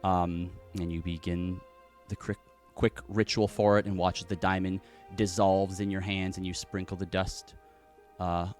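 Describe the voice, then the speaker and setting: A low-voiced man running a tabletop game as game master. He narrates in a relaxed, unhurried way with many fillers. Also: soft background music.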